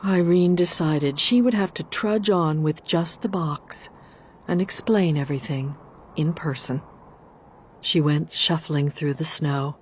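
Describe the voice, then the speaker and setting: A woman reading a children's storybook aloud in an expressive, deliberate way. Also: mid-range voice. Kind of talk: storybook narration.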